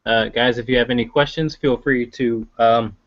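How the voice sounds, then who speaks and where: A man co-hosting a live online dog training chat, speaking haltingly with many fillers over a video call. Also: medium pitch, fairly even intonation. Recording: dull lo-fi video call audio.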